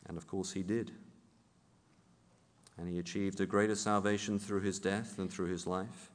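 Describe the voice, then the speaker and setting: A man's voice: low voice, level tone, moderate pace. A man preaching a sermon in a church, emphatic and building to fervent peaks. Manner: emphatic, rising to fervent intensity. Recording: long hall reverb.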